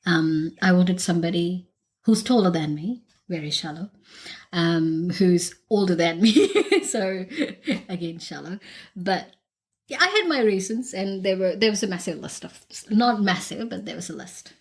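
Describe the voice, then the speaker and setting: Chatty woman with a lowish voice. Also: animated, unhurried. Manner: chatty with many fillers and restarts. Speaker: podcast co-host. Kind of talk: casual chat.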